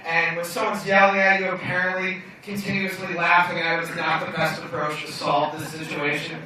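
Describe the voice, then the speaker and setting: A man's voice: fairly high pitch, flat delivery, a little fast, pushed and bright, slight background noise. A young man doing a stand-up comedy set in a bar lounge, telling stories in a brash, profane, self-mocking way. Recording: echoey bar room from far off.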